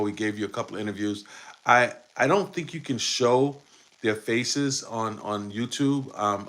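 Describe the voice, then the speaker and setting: A man's voice: fairly low pitch, fairly bright tone. A man hosting a live post-game basketball show, talking in a rambling way with many fillers and restarts. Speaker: podcast host.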